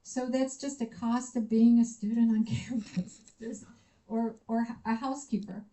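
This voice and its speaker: A woman's voice: fairly high pitch, measured pace, poor audio. An American woman giving a university lecture, telling personal stories and acting out the dialogue. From United States. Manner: lively storytelling, acts out quoted dialogue. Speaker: visiting researcher giving a lecture. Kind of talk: conference talk with personal anecdotes.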